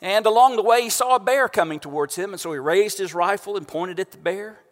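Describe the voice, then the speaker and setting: A pastor preaching a sermon from a church stage into a microphone, conversational and joking with the congregation. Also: male voice, high voice, fairly quick, a bit bright. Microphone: stage microphone through house speakers. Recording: long church reverb.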